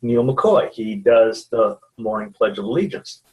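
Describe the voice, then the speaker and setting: A man from the United States co-hosting a podcast, talking about politics in a calm, agreeable and rambling way. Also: fairly low pitch, unhurried, muffled recording. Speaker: podcast co-host. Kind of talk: casual political chat.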